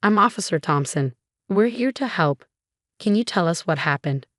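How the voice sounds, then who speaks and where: A calm, serious police officer, read by a woman narrator, speaks in a reassuring way. The voice is slightly low. The sound is dry. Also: normal speed, no echo.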